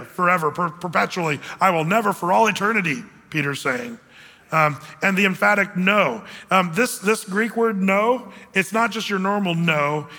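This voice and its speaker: A man preaching a sermon in a conversational, animated way, acting out the lines he quotes. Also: a little high, long reverb tail. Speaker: pastor.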